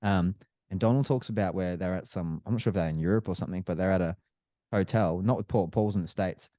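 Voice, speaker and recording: Fast-talking man, dark voice. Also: low-pitched, no room sound, studio quality. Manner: rambling storyteller, swears freely. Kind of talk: casual chat.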